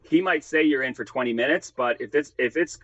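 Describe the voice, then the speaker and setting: A man who is a podcast guest, telling rambling, animated stories in casual chat and acting out what others said. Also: mid-range voice, fairly quick, dry recording. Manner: rambling, animated storytelling, acts out quoted voices. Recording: dry, dull lo-fi sound.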